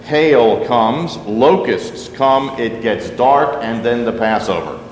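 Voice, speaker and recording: A man's voice: medium pitch, lively intonation, takes it slowly, slight background noise. A man preaching a sermon to his congregation in a loose, conversational way, full of asides and fillers. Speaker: pastor. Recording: roomy sanctuary with long reverb.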